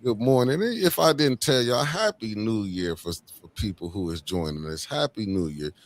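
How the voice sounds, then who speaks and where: Speaking at a moderate pace, a deep-voiced livestream host greets his viewers one at a time by name in a casual, slangy chat. He's expressive yet keeps his tone low and relaxed.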